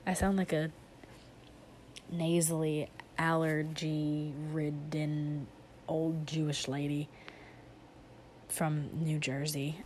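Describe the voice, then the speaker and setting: A young woman talks through a rambling, self-deprecating comedy monologue for her podcast. She speaks slowly with a slightly low voice, drifting between topics and breaking into giggles. Faint background noise sits under her voice. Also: little pitch movement, a little mellow. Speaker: podcast host.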